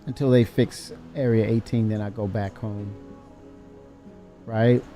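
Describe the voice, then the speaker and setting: Male game streamer, dark mellow tone, wry, mock-angry running commentary. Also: fairly low pitch, steady tone, unhurried, soft background music. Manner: wry, mock-angry grumbling with self-mocking laughs. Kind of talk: live gameplay commentary.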